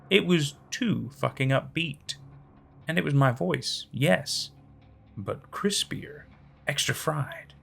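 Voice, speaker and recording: A man narrating a horror story with a bright, gravelly voice that rises and falls expressively. The reading is dramatic, with faint music playing under it. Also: medium pitch.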